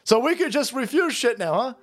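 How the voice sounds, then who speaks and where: A man's voice: very high-pitched, sing-song, brisk. A man hosting a livestream, ranting profanely and sarcastically, often laughing. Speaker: host. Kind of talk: livestream political rant.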